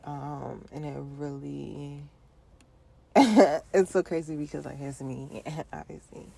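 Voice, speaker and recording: A woman's voice: low voice, fairly even intonation, unhurried, gravelly, dark tone. A woman hosting her own podcast in a playful, rhythmic solo monologue, with casual slang and frequent laughter. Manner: casual, conversational phrasing with slang. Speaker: podcast host.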